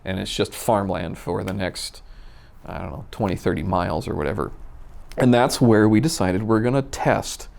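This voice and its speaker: A man from Minnesota telling a personal story in a casual, animated way, acting out the dialogue. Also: lowish voice, normal speed, gravelly. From Minnesota, USA. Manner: animated, acts out quoted dialogue. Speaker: storyteller guest.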